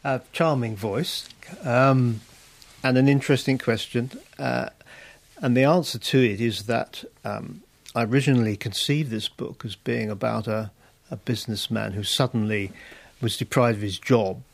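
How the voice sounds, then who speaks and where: Casting: Londoner author, creaky voice, dry close mic, measured answers. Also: male voice, mid-range voice, no room sound. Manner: thoughtful, halting with fillers. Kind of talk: reading aloud and answering questions.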